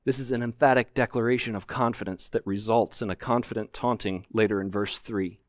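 A man's voice: lowish voice, steady tone, brisk, no echo, studio quality. A man preaching a sermon from a pulpit, explaining scripture earnestly and with emphasis. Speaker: pastor. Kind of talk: expository sermon. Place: church sanctuary, at a pulpit.

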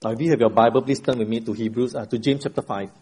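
A middle-aged male pastor preaching a Sunday sermon in a church, telling stories and praying, with emphatic rises and quiet drops. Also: mid-range voice, rapid-fire, breathy edge. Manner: expressive storytelling, rising for emphasis, then dropping quiet. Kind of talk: sermon with an opening joke and prayer. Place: church sanctuary at the pulpit.

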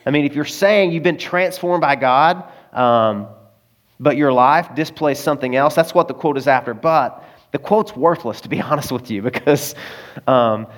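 A man's voice: medium pitch, moderate pace. A man preaching a sermon in a conversational way, with personal stories and frequent asides to the congregation. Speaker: pastor.

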